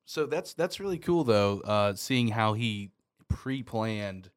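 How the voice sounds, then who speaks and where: Lower-voiced man in loose, sweary chat. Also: expressive, slow pace, clean tone. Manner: loose, swears a lot, laughs easily. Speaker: podcast co-host. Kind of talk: casual chat.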